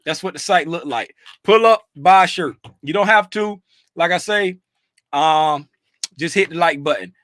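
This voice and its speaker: High, bright-voiced livestream host. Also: male voice, moderate pace, no room sound, clean studio sound. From Fort Lauderdale, Florida. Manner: animated, greets chat by name, bursts of laughter and shouting. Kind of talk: casual livestream chat with viewers.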